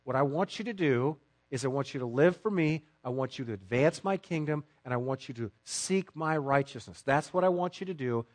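A male pastor preaching a sermon in church, acting out the voices of the story with dramatic swings from loud to hushed. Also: mid-range voice, lively intonation, fairly quick. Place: church sanctuary.

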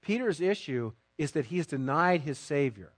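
A man preaching a sermon to his congregation with emphatic stresses and quiet asides. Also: a little high, lively intonation, normal speed, no echo. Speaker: pastor.

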